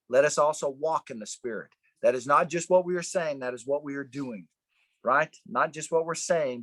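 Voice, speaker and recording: A man's voice: mid-range voice, fairly bright tone, no echo. A middle-aged man leading a Bible study, preaching informally in a fervent, conversational way and often repeating himself. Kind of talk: informal sermon.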